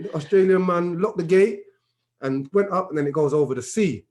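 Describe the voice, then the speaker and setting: Lively man telling a story. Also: high-pitched, a little fast. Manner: animated storyteller who acts out the dialogue. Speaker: regular discussion member. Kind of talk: casual group chat, storytelling.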